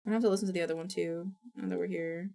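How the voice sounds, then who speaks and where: A woman's voice: fairly low pitch, fairly even intonation, racing, gravelly, mellow. A young woman streamer chatting casually, rambling and apologetic with lots of filler words. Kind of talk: casual live-stream chat.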